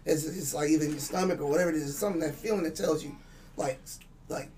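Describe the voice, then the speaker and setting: A man's voice: fairly high pitch, fast, a little mellow, far from the mic, slight background noise. A man telling a spiritual story in casual chat, rambling and profane, acting out the dialogue. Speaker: guest.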